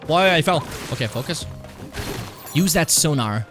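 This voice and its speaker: A young man casually commenting on his gameplay, rambling and swearing, with sudden high excited yelps. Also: normal speed. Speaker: streamer. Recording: game music playing behind the voice.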